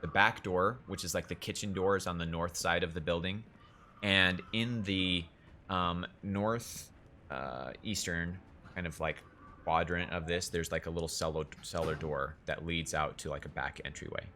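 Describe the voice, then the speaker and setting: A man's voice: low voice, moderate pace, bright, forceful tone, slight background noise. A young man narrating a tabletop game as game master over an online call, rambling with lots of fillers.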